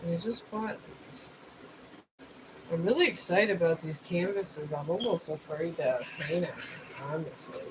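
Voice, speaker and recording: Still groggy from just waking up, a live streamer paints and chats casually, thinking aloud as she walks through her art supplies step by step. Her medium-pitched voice is a little slow with frequent pauses, over steady background noise.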